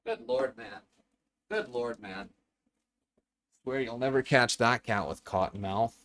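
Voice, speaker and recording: This young adult streamer plays a building game at home and keeps up casual chat with viewers, blunt and rambling, cursing heavily and addressing his cat too through a desk mic. He speaks at a measured pace with a medium-pitched, slightly bright voice.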